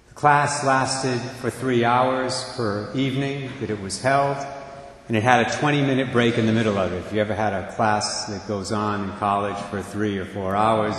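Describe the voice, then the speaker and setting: Middle-aged man, priest, earnest storytelling sermon, mid-pitched voice, heavily echoing church. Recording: echoey church with long reverb.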